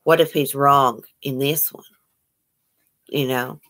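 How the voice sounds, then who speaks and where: A woman's voice: extremely low pitch, steady tone, slow, fairly bright tone. A woman hosting a casual livestream, greeting viewers by name and chatting about their comments. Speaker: livestream host.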